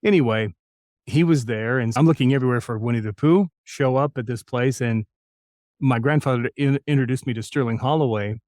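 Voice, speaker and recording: A man's voice: mid-range voice, fairly quick, darkish tone, no room sound, clean studio sound. An older man from New Mexico, a voice actor telling career stories in an interview, anecdotal and self-deprecating. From New Mexico, United States. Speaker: voice actor guest. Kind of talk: storytelling interview.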